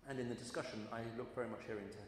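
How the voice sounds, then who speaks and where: A man's voice: mid-range voice, fairly even intonation, rapid-fire, a little hiss or hum. An earnest male preacher with a mid-range voice tells a story and drives home his points with emphatic rises. His sermon rings out through a large hall with long reverb and faint room ambience behind it.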